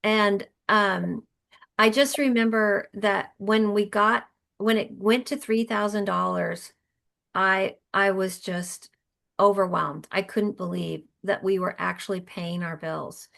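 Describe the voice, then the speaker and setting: A middle-aged woman speaks as a podcast guest, sharing her story in an earnest, heartfelt way. She often breaks off and starts over, and her voice sits at an ordinary pitch. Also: fairly even intonation, slow pace, creaky, a bit bright. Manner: earnest, emotional recollection with many restarts. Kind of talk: conversational storytelling.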